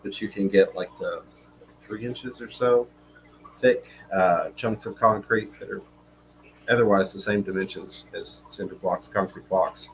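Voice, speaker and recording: Low-voiced relaxed man chatting on a livestream. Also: measured pace, a little hiss or hum, rough recording. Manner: relaxed, reads viewer comments aloud, many fillers. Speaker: livestream co-host. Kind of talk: casual live-stream chat.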